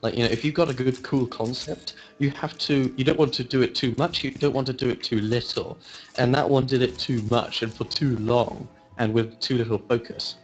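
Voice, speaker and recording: A man's voice: medium pitch, fairly even intonation, normal speed, poor audio. A man giving his opinions at length in a casual group chat, rambling with fillers. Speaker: podcast panelist.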